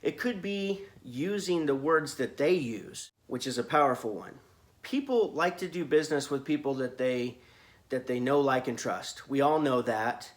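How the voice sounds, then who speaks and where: A man's voice: mid-range voice, animated, moderate pace. A man giving earnest business advice in a casual video, asking the listener many questions and often restarting his words. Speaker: business coach.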